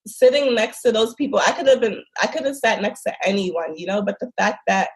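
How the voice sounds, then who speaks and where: A woman guest in a casual interview, telling travel stories in an animated, expressive way and laughing often. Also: medium pitch, brisk.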